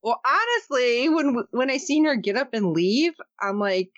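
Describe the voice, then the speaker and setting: Lively, joking woman podcast host. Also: a little high, dry recording. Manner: animated, joking, quick to laugh. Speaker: podcast host recapping a TV episode. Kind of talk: casual chat. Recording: slightly dull, dry sound.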